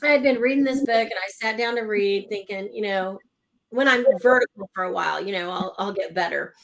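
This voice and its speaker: A middle-aged woman from Oklahoma telling her personal story in conversation, animated and laughing between lines. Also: mid-range voice, a little fast, poor audio.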